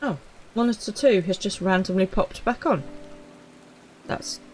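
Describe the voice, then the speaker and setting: A woman's voice: mid-range voice, expressive, unhurried, soft background music, poor audio. Chatty woman streaming a game. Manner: chatty, self-mocking asides. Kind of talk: live game streaming chat.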